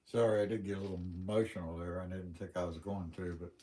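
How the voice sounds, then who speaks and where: A man with a Western Pennsylvania accent talks on a casual livestream, rambling from one story to the next in a plain-spoken, folksy way. His voice sits a little on the low side. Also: steady tone, fast talker, dark tone, a little hiss or hum. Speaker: livestream host.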